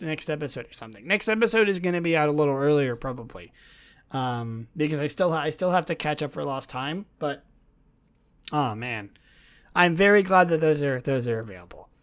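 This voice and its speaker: A woman hosting a solo podcast, chatting in a gushing, excitable way that often drops into soft whispers. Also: low-pitched. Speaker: podcast host.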